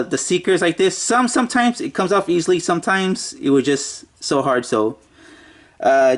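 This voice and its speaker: Man casually reviewing a toy. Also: on the high side. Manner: mutters and jokes to himself while handling the toy.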